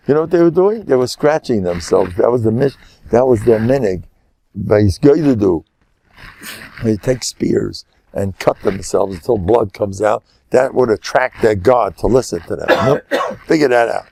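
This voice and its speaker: An older man giving a rabbi's lecture in a gravelly, mid-low voice, recorded dry and close. He tells stories with halting restarts and a mix of Yiddish and Hebrew words, often jumping up in pitch when he gets excited. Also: no echo. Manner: animated, leaps to high excited pitch, laughs at his own stories. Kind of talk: lively storytelling sermon.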